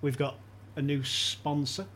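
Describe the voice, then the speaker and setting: Chuckling man telling stories, higher voice. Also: little pitch movement, measured pace, a bit bright, a little hiss or hum. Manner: anecdotal storytelling, chuckling often. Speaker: podcast guest. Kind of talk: casual chat.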